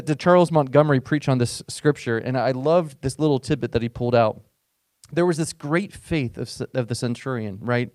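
A man's voice: medium pitch, darkish tone, no room sound, clean studio sound. A man preaching a sermon as a pastor, in a conversational way, often repeating words as he restarts his phrases.

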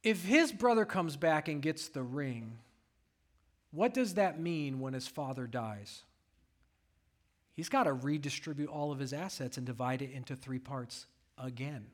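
A man's voice: medium pitch, expressive, measured pace. A pastor preaching a sermon, reading scripture aloud and asking his congregation rhetorical questions.

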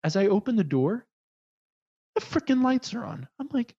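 Guy telling a story, bounces up high acting out people, kinda muffled lo-fi sound. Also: moderate pace, slightly rough. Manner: animated, acts out the people in his story. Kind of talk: casual storytelling.

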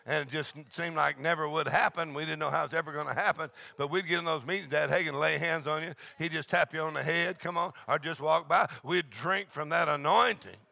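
Preacher guy, real gravelly high voice, bright and loud, hollering and laughing through the sermon. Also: fairly even intonation, fairly quick, hardly any pauses, no room sound. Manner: shouting and laughing exuberantly. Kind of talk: charismatic sermon. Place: church meeting.

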